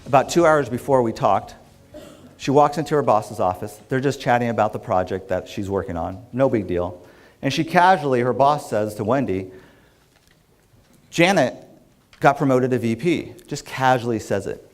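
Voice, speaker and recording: A man's voice: mid-range voice, normal speed. A middle-aged man, an executive coach, telling a client story to an audience and acting out the quoted lines with energy.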